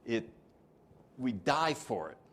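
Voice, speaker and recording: A man's voice: mid-range voice, big pitch swings, takes it slowly, fairly bright tone. A man leading a twelve-step recovery workshop, joking with the room and acting out the people he quotes. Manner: jokey, acts out quoted voices, laughs often.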